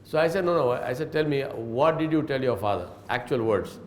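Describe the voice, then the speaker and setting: A man's voice: mid-range voice, animated, fairly quick. A man giving a religious lecture as an Islamic scholar, earnest and storytelling, chuckling as he recounts anecdotes. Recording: roomy echo.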